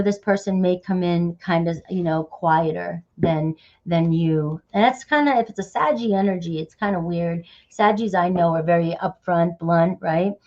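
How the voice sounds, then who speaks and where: A woman's voice: lowish voice, a little mellow, muffled recording. Chatty woman giving a tarot reading. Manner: chatty, frequent "all right" and "okay". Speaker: tarot reader. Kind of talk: casual tarot reading to camera.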